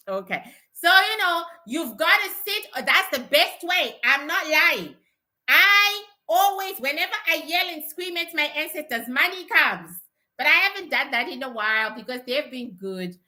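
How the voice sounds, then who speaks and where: A woman's voice: high voice, lively intonation, measured pace, sharp tone. A middle-aged woman, chatting casually as a spiritual teacher, blunt and profane and laughing often. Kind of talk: casual livestream chat.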